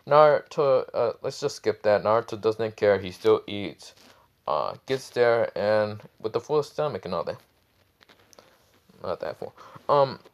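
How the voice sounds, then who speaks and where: A man's voice: lowish voice, a little mellow, highs cut off. A man casually retelling a fan story in a rambling, irreverent way, full of fillers.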